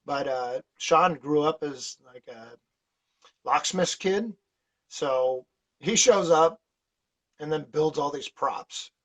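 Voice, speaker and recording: Speaking slowly with frequent pauses, a man with a slightly high voice guests on a podcast and rambles through his stories, full of fillers and restarts. He stays animated and laughs along, and the audio is dull and lo-fi.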